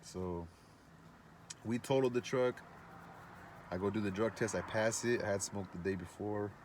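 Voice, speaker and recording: Man, casual storytelling, rambling, profane, lots of fillers, low voice, faint background noise. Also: moderate pace, darkish tone. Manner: rambling, profane, laid-back with many fillers.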